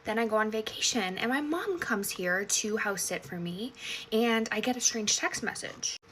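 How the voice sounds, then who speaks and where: A woman's voice: fairly high pitch, expressive, normal speed, fairly bright tone, slight background noise. A young woman telling a storytime in a sassy, casual way, swearing freely and acting out her own reactions.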